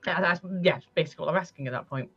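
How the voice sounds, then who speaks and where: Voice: mid-range voice, racing, a bit bright, breathy edge, dull audio. A speaker with a British accent running a tabletop game as game master, talking in a rambling way with lots of fillers.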